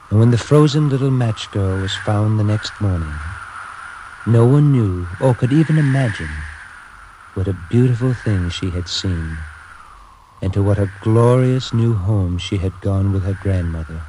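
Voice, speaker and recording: A man telling a fairy tale in a gentle, dramatic storytelling reading with hushed pauses. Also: fairly low pitch, animated, a little hiss or hum. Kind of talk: scripted narration of a fairy tale. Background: music.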